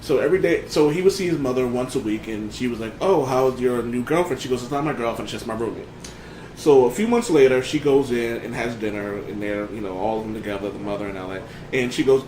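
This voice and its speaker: A man's voice: mid-range voice, animated, fast talker, a little mellow, reverberant, a little hiss or hum, rough recording. A man hosting a casual podcast chat, rambling with lots of fillers and restarts as he tells a story. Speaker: podcast host.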